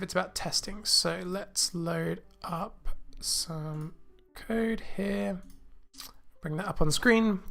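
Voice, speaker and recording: A man hosting a coding livestream, thinking aloud with many fillers and restarts, a little choked and clearing his throat. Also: a little high, a bit bright. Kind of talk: casual live coding walkthrough. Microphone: new desk mic.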